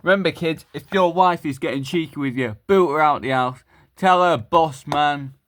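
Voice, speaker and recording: A man performing a crude, improvised comedy skit with toys, swearing and rambling as his voice jumps between high and low. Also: moderate pace, fairly bright tone, a little hiss or hum.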